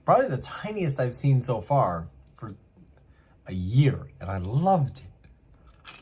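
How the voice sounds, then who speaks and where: A man from Canada telling a story casually, lively and full of asides, as host. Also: mid-range voice, unhurried, slightly rough. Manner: animated, acts out voices, many asides.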